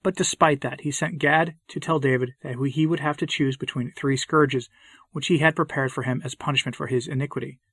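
Husky-voiced man preaching a solemn sermon. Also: medium pitch, fairly even intonation, brisk, fairly bright tone, no echo. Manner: solemn, impassioned pleading. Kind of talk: sermon reading.

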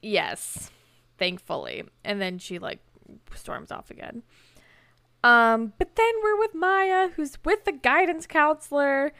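A young woman talks through a TV episode in relaxed podcast chat, her voice a little high and gravelly. She fills her sentences with "like" and laughs as she mimics the characters. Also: slow pace, no echo, studio quality. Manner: chatty, lots of "like", acts out quotes with laughs. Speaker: podcast co-host. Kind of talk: casual chat recapping a TV episode.

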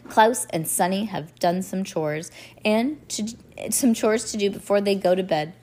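A woman's voice: medium pitch, measured pace, a little mellow, slight background noise. A woman reading a novel aloud, in a plain manner with frequent stumbles and restarts. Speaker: reader.

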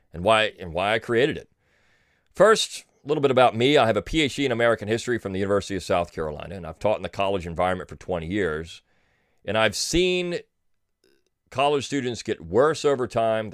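A man's voice: mid-range voice, no room sound, studio quality. A middle-aged man hosting a podcast, giving sarcastic political commentary and pretending to choke up with tears. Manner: mock-tearful, sarcastic pauses. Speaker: podcast host.

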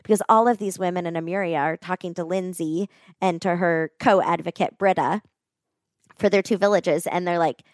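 A woman's voice: on the low side, moderate pace, no echo, clean studio sound. A woman telling a personal story in an earnest, conversational way, often saying "like.". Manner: earnest, animated, often says "like".

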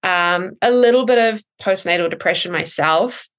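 A woman in her thirties, a breathwork coach, explaining thoughtfully in a podcast interview with frequent ums and soft laughs. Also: lowish voice, moderate pace.

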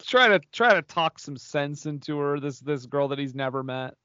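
A man's voice: a little high, moderate pace, no room sound. Chatty man, dull dry recording. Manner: laughing, animated retelling with repetitions. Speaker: podcast co-host. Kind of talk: casual movie-review chat.

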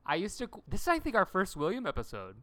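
A woman co-hosting a podcast, chatting casually about a TV episode and acting out lines in quick impressions. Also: mid-range voice, a loud crowd. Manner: animated, acts out character lines in quick impressions. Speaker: podcast co-host. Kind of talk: casual chat recapping a TV episode.

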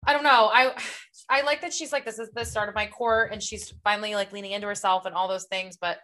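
Bright-voiced young woman podcaster. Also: mid-range voice, steady tone. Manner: chatty, acts out characters' lines in quick retellings. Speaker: podcast co-host. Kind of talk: casual book chat.

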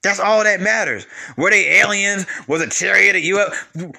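A man with a high, forceful voice preaches from the Bible in a loose, conversational way. He talks straight to his listeners and keeps driving his points home through repetition. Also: moderate pace, gravelly. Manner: animated, talks straight to listeners, repeats for emphasis.

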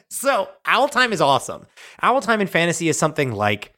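A man co-hosting a comedy podcast, tossing out silly ideas in a loose, casual back-and-forth. His pitch sits a little high and swings widely as he laughs and throws in squeaky whoops. The delivery stays animated throughout. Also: normal speed. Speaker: podcast co-host.

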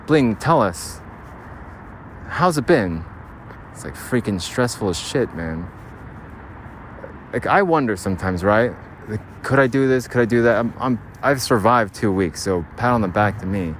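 A man's voice: fairly low pitch, expressive, a little slow, pauses often, slight background noise. A man talking on his own podcast while walking outdoors, ranting bluntly and swearing casually as he rambles. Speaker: podcast host. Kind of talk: rambling solo podcast monologue.

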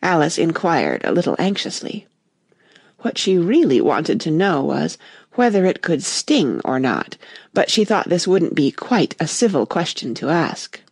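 Husky woman reading a storybook aloud. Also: low voice, unhurried, no room sound, studio quality. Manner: lively expressive reading. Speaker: narrator.

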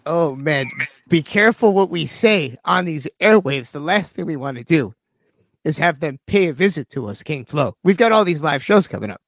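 A man's voice: fairly high pitch, expressive, normal speed, a bit bright, no echo. Joking young male radio host, dry studio. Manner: joking, rambling, self-deprecating. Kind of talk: casual radio banter.

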